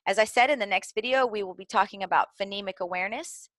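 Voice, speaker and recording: With a Southern American accent, a middle-aged woman gives teachers an earnest, instructional explanation of early literacy skills, now and then using fillers or restarting. Her mid-range voice is fast and a bit bright, with no room sound.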